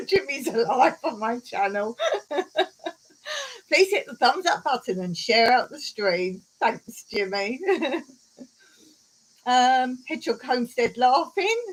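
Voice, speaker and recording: Woman live-streaming, high-ish voice, unhurried, giggles through jokes and comments. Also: rough recording. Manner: giggly, tells jokes and reads viewer comments aloud. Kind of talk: casual live stream chat.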